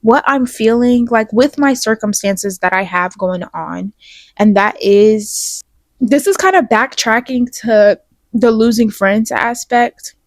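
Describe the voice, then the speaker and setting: A young woman with hosting a podcast from her bed, sniffly from crying, talking candidly, rambling and swearing, trailing off into soft asides. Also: on the high side, slow, no room sound. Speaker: podcast host. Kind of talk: casual confessional vlog. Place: bedroom, in bed. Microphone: small mic plugged into a phone.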